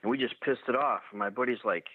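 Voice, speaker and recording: A man telling his own encounter story in a halting way, full of restarts and fillers. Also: mid-range voice, dry recording. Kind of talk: first-person storytelling. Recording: tinny dry phone-like radio audio.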